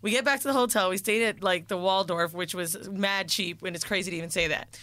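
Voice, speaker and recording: Woman, casual storyteller, slangy, bright tone, dry sound. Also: medium pitch, a little fast, no room sound. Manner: animated storyteller, acts out quoted people; swears freely, slangy. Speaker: podcast co-host telling a story. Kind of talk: casual chat.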